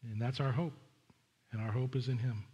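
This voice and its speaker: Animated pastor preaching casually. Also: male voice, medium pitch, dull audio. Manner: conversational and animated, with quick asides to the congregation. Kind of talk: sermon.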